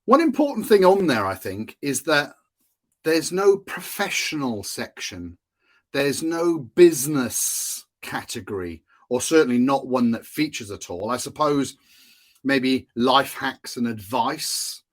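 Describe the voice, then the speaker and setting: Male podcast host, relaxed talky explainer with filler-laden asides. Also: mid-range voice, a little slow. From United Kingdom. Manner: conversational, with frequent fillers and asides. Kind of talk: casual explanatory podcast talk.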